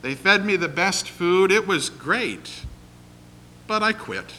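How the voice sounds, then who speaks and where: Brief: preacher doing a courteous old talking greyhound in a sermon story, bright, unhurried. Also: male voice, high-pitched, expressive, a little hiss or hum, pitched above the performer's own voice, exaggerated voice. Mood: cheerful, polite. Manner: courteous, gently reflective. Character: old retired male racing greyhound, polite, wistful.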